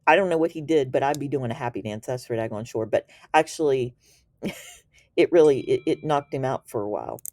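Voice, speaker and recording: A woman with a low, mellow voice tells a story in a relaxed, chatty way. Her talk is slangy and enthusiastic, with easy laughs in between. The sound is dry and close, with no room around it. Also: brisk, no echo. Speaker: Reiki teacher. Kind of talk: casual storytelling explanation.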